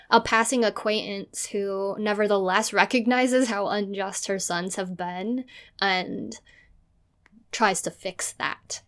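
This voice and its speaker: A woman's voice: mid-range voice, fairly bright tone. A woman hosting and producing a podcast, talking in a loose, conversational way with filler words. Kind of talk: casual chat.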